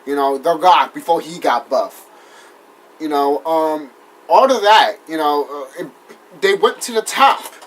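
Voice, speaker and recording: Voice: medium pitch, unhurried. A wrestling vlogger ranting in casual talk, heated and profane, rambling with restarts and apologizing after outbursts. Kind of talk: casual vlog rant.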